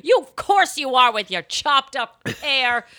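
Young woman hosting a comedy podcast, bright sharp voice, giggly, pitch jumps all over. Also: lively intonation, a little slow. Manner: giggly, loud, bursting into laughter. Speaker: podcast host. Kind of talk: casual comedy podcast chat.

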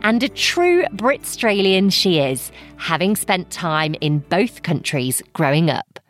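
A woman's voice: fairly low pitch, big pitch swings, measured pace, faint music behind. A woman interviewing a guest, asking friendly, curious questions and laughing along.

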